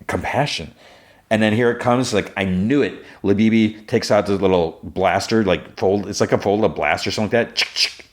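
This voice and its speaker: A man's voice: on the low side, normal speed, hardly any pauses. A man hosting a podcast, casually retelling a show's episode scene by scene in a rambling way. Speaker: podcast host.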